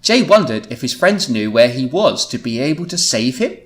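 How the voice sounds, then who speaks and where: A man's voice: mid-range voice, big pitch swings, normal speed. A man hosting a comedic podcast, reading his old teenage writing aloud and often giggling at it. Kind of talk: comedic podcast read-through.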